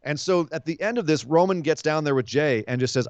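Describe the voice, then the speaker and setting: A man hosting a wrestling podcast, giving an animated, casual recap and acting out quotes as he tells it. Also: a little high, brisk, no room sound, dull audio.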